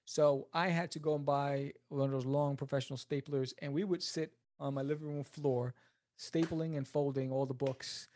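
A man, a comic creator telling stories as a guest in a casual interview, acting out the people he quotes. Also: moderate pace. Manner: animated, acts out quoted people in a higher voice.

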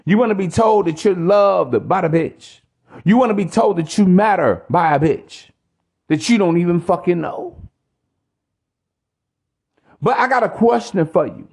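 Male podcast host, preachy profane rant, gravelly voice pitched a bit high. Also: darkish tone. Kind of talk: ranting podcast monologue.

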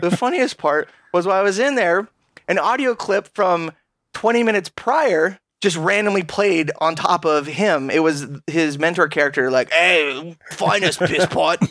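There's no room sound as a high-voiced man at normal speed vents about a video game on the podcast he co-hosts. His rant is casual, full of swearing and animated complaints.

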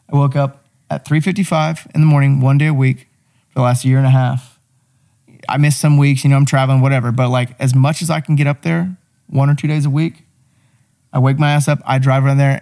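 A man's voice: medium pitch, warm tone. Young man, blunt, profane, motivational, casual podcast chat.

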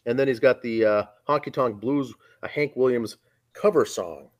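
A man of medium pitch co-hosting a laid-back podcast. He takes things easy and echoes short words back to his partner, repeating himself as he goes. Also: moderate pace. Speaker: podcast co-host. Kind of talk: casual chat.

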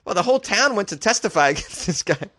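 A man's voice: high-pitched, animated, quick pace, pushed and bright, no room sound, studio quality. A man hosting a comedic news podcast, joking and laughing at his own gags as he reads out the stories.

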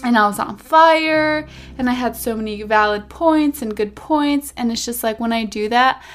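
A young woman hosting her own podcast in a chatty, rambling, animated way, seated indoors at a podcast mic. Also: on the high side, moderate pace, soft background music. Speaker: podcast host. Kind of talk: casual solo podcast talk.

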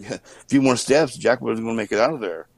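A man, a former wrestler, telling stories in a casual interview, animated and laughing often while he acts out what people said. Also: mid-range voice, a little fast, dry recording, rough recording.

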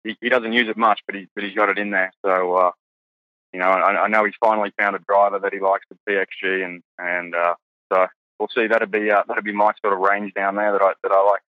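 A man with an Australian accent, a guest golf pro in casual podcast chat, halting and repeating words. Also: on the low side, level tone, no room sound, lo-fi sound.

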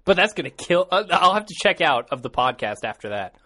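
A man co-hosting a podcast with playful, quick banter. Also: fairly high pitch, very animated, pushed and bright, no room sound. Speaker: podcast co-host. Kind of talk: casual chat.

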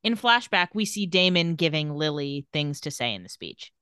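Bright-voiced woman recapping a TV episode. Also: low-pitched, lively intonation, normal speed, clear, resonant tone, no echo, studio quality. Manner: retells scenes and reads quotes with light sarcasm. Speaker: podcast co-host recapping a TV episode. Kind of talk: casual recap chat.

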